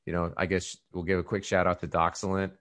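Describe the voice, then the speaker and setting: A man's voice: low-pitched, little pitch movement, fast talker, a bit bright. A man hosting a podcast in casual chat, rambling with lots of fillers and restarts. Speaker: podcast host.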